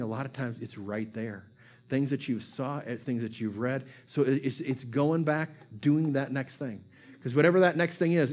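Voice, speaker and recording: A man's voice: mid-range voice, darkish tone. A male pastor giving a conversational sermon, repeating phrases and building emphasis with informal asides.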